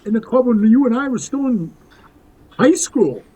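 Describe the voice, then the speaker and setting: A man's voice: very high voice, lively intonation, moderate pace, warm tone, husky, rough recording. A man in his sixties telling rambling, tough-talking stories as a podcast guest, calling the host "bro.". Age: 60s. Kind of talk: casual storytelling interview.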